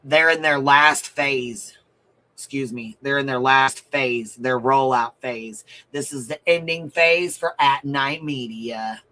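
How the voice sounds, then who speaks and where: A man runs a commentary livestream in a bright, forceful voice. He is blunt and profane, reads viewer comments aloud, and says his points over and over for emphasis. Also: mid-range voice, slow, rough recording.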